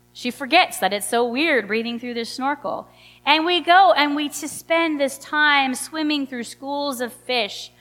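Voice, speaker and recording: Middle-aged woman, chatty storyteller, high voice, long hall reverb. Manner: animated, chatty, many fillers. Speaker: mother telling a personal story. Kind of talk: personal storytelling.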